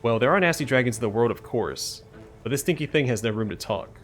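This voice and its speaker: A man's voice: mid-range voice, animated, quick pace, natural voice. Man reading a dry skeptical commander.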